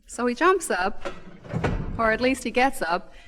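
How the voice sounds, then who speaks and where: A woman stand-up comedian, telling a wry, chatty story full of quick back-and-forth quotes, on a 1960 live comedy record. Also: fairly high pitch, very animated, background noise.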